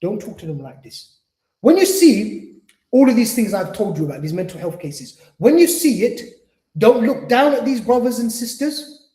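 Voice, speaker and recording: A man's voice: high voice, very animated, normal speed, warm tone. A man teaching at an Islamic centre, speaking conversationally, acting out little dialogues and often adding "you see". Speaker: Islamic teacher and spiritual healer. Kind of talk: mosque lecture. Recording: echoey lecture hall.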